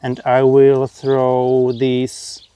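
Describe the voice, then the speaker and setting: A man co-hosting a homesteading vlog, chatting casually outdoors in a garden with dry, deadpan humor. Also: mid-range voice, very slow, smooth, no echo. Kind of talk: casual chat.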